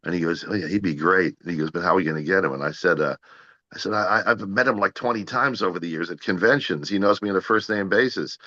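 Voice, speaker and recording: Deep-voiced man telling stammering anecdotes. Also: fast talker, highs cut off. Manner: animated anecdotes, acts out others' lines, frequent stammered restarts. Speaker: actor guest. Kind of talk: casual interview storytelling.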